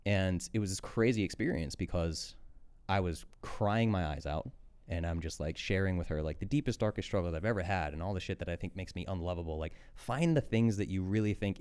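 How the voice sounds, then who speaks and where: Fast-talking low-voiced man. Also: darkish tone, clear, resonant tone. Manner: intense and emphatic, swears freely. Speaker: podcast guest, coach. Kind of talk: candid conversational monologue.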